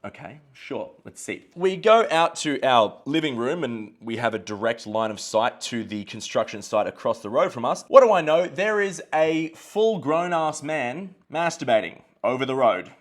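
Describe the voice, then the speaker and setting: A man's voice: mid-range voice, normal speed, hardly any pauses. A young man, a dating coach telling stories in a casual, slangy monologue with plenty of swearing. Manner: animated, swearing, slangy storyteller.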